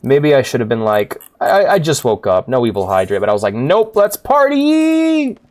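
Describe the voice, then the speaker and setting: A young man giving casual, excitable gameplay commentary, swearing freely and laughing often. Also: lowish voice, fast. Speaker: streamer.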